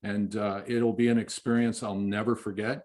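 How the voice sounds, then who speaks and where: A man, a film director, answering interview questions in a halting, heartfelt way with many restarts. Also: on the low side, little pitch movement, darkish tone.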